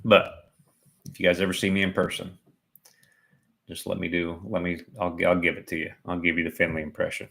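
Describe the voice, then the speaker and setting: A man's voice: sits low, flat delivery, brisk, vocal fry, long pauses, fairly bright tone. A man doing chatty, self-mocking live commentary on a sporting event. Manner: chatty and joking, laughs at himself. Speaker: livestream commentator.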